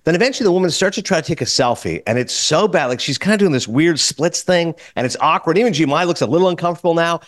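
A man hosting a podcast, telling a story in casual chat, excitable and acting out the people he quotes. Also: a little high, no echo, studio quality. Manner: rapid, excitable, acts out quotes. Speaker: podcast host.

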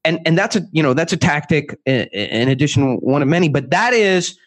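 A man speaking as a guest author in an interview, emphatic and animated, acting out quotes with many restarts. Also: a little high, fast.

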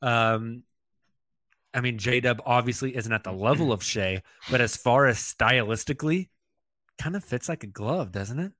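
A man co-hosting a podcast, talking in a chatty, animated way with quick asides. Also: medium pitch, no echo, studio quality. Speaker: podcast co-host. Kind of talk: casual sports chat.

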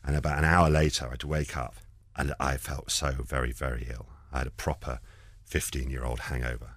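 A man's voice: very deep voice, steady tone, fairly quick, slightly rough, no echo. A man, a comedian guest, telling rambling stories in an interview and acting out the quoted lines. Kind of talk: anecdotal interview chat.

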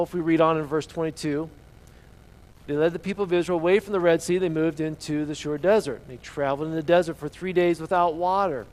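A man preaching a sermon as an animated storyteller, swinging sharply from loud outbursts to hushed asides. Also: a little high, rough recording. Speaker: pastor.

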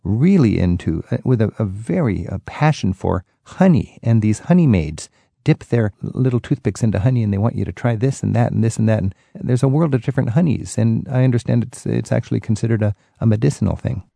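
A man's voice: on the low side, animated, a little fast, vocal fry, dark tone, no room sound. A male host interviewing a guest, asking curious questions and laughing along. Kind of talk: radio interview.

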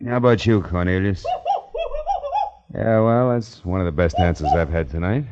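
An actor playing a dry, wisecracking hard-boiled private detective in a 1950s radio drama. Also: male voice, low-pitched, moderate pace, very noisy, lightly acted. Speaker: narrator and lead detective. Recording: dull lo-fi 1950s radio broadcast.

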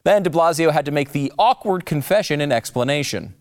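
Casual sarcastic guy ranting about politics, bouncy voice, pitch a bit up. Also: animated, a little fast. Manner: mocking, sarcastic. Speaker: political commentator. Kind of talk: sarcastic commentary.

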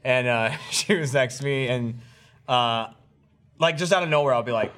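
Male co-host, mid-pitch, rambling and self-mocking in casual chat. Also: normal speed, fairly bright tone. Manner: rambling, self-deprecating storyteller. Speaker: podcast co-host.

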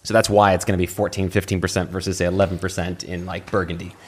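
Fast-talking middle-aged man, eager storyteller. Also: deep voice, flat delivery, slightly rough. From California. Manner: enthusiastic storyteller. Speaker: guest. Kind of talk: casual conversation.

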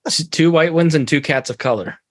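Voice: mid-range voice, brisk, no echo. A podcast co-host in casual comedy chat, giggling and laughing a lot.

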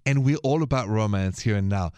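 A middle-aged Frenchman hosts a call-in radio advice show, speaking relaxed, fairly quick English in a lowish voice and sprinkling in French phrases. The recording is dry.

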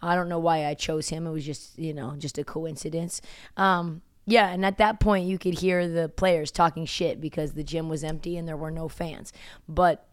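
A woman with a hoarse, worn-out voice hosting a sports podcast, chatting casually and joking at her own expense. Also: sits low, steady tone, normal speed, dry recording, studio quality. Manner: chatty, self-mocking, reporter's banter. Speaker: podcast host. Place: on location.

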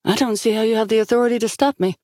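A woman's voice: fairly high pitch, steady tone, rapid-fire, darkish tone, no echo, studio quality, pitched above the performer's own voice, lightly acted. Woman voicing a stern female commander.

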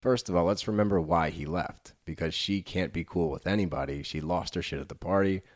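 Deep-voiced man in casual podcast chat. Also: brisk. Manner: animated, opinionated, laughs often. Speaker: podcast co-host. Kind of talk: casual reality TV recap chat.

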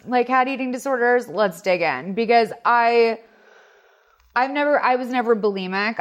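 Chatty woman in her thirties, hosting. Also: medium pitch. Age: 30s. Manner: chatty, peppers speech with "like". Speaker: podcast host. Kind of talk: casual chat.

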